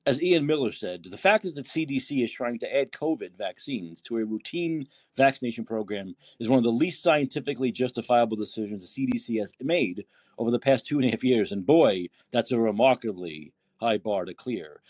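There's no room sound as a man speaks fairly quickly and animatedly in a mid-range voice that's a little mellow and slightly rough. Hosting a political call-in podcast, he rants with heat and indignation, swears, poses rhetorical questions, and quotes listener posts from his feed.

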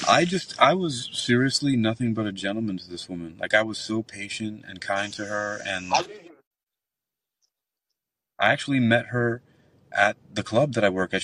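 A man's voice: on the low side, moderate pace, long pauses, distant mic. A man who works as a nightclub bouncer, telling a long, rambling, profane story in casual call-in chat. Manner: rambling, profane, animated retelling.

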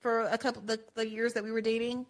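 A woman's voice: a little high, flat delivery, fast talker. A woman in her forties hosting a podcast, chatting casually and telling stories with frequent laughter. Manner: chatty storyteller, laughs often. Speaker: podcast host. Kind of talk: casual chat.

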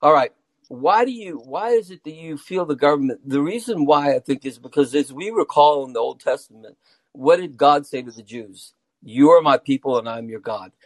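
A man's voice: fairly high pitch, expressive, moderate pace, no echo, rough recording. A man calling in to a talk show by phone, rambling and repeating words as he builds an argument. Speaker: caller. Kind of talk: casual call-in discussion. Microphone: phone through a call-in app.

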